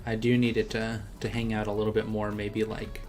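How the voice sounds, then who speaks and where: A man with a lowish, somewhat mellow voice talks briskly in a monotone while drawing on a live stream, with soft music playing behind him. He chats casually about his work, laughs often, and reads the chat aloud.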